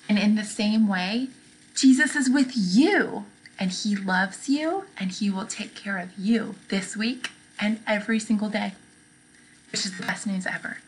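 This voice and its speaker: A young woman teaching a gentle Bible lesson to toddlers, asking questions, repeating them and praising often. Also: mid-range voice, a little slow, slight background noise, low-quality recording. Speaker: children's teacher.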